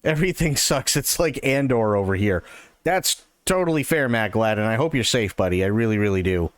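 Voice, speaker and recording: A man's voice: on the low side, animated, fairly quick, dry recording. A man streaming live, chatting casually with his viewers, thanking them and telling a joke. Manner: chatty, thanks chat warmly. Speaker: livestreamer. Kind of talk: casual livestream chat.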